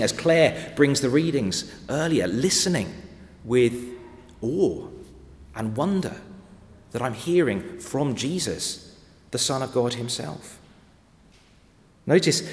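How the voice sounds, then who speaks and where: A man preaching a sermon from a church pulpit, emphatic, swinging between quiet reflection and loud, pointed stresses. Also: mid-range voice. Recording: long church hall reverb.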